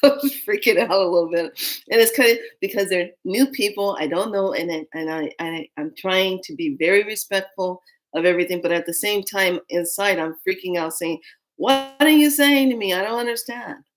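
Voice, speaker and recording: Woman, low-ish voice, animated storyteller who voices the other people in the story and slips into whispers. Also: a little fast. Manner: drops to a hushed whisper for tense moments. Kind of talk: personal storytelling.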